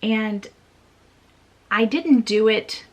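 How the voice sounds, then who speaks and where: A woman's voice: fairly high pitch, extremely slow. A woman in her forties, a vlogger telling a personal story in an earnest, repetitive way with small laughs.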